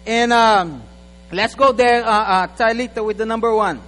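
A male pastor preaching a sermon in non-native English, halting and often repeating words as he goes. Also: high voice, a bit bright, big-room sound, poor audio. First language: not English.

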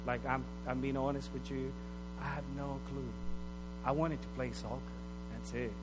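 A man's voice: mid-range voice, flat delivery, moderate pace. A man giving a conversational, storytelling sermon. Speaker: pastor. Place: church hall. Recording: reverberant hall with mains hum.

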